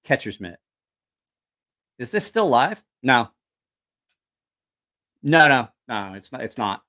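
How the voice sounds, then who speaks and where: This knife channel host chats casually on a livestream in a mid-range, sing-song voice that's pushed and bright, though his pace is slow. He wanders off topic, curses openly, and forgets where he was going.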